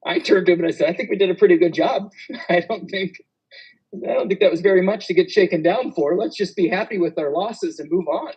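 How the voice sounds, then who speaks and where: Husky-voiced man telling laughing anecdotes. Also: high-pitched, darkish tone, dull audio. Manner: anecdotal, laughs often, quick asides. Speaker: panelist physician. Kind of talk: conference panel discussion.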